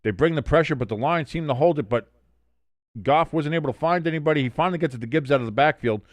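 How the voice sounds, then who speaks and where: A man hosting a live watch-along stream, calling the game play by play and reading out chat comments, with bursts of excitement on big plays. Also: fairly high pitch, fast talker, no room sound. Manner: swears casually.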